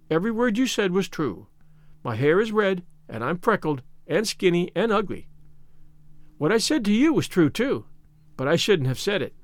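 A dramatic young orphan girl, voiced by a man reading a storybook aloud, pleading in earnest, overblown bursts. Her voice sits high and leaps all over the place. The recording is close and dry. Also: no room sound. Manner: earnest, breathless, theatrical pleading. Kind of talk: audiobook character reading.

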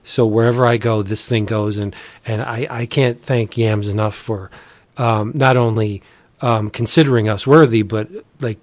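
A man's voice: lowish voice, steady tone, no echo. Earnest male co-host who stumbles and restarts, dry close-miked sound. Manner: earnest, halting, many restarts. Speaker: podcast co-host. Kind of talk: casual chat.

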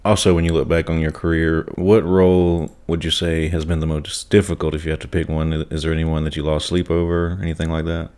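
A man interviewing a guest in a relaxed way and laughing along. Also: very deep voice, fairly quick, hardly any pauses. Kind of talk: casual interview.

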